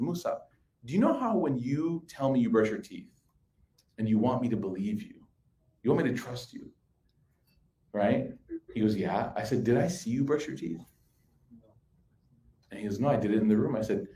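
Male preacher, 30s, casual animated storyteller, echoey hall. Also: mid-range voice. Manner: conversational, animated storytelling with audience asides. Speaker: religious speaker. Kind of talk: sermon with personal anecdotes. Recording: echoey room.

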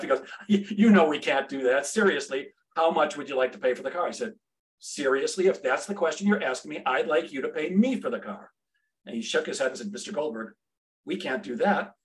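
A middle-aged man, a sales trainer appearing as a podcast guest, tells a brash, humorous story and acts out the dialogue. His voice sits on the high side.

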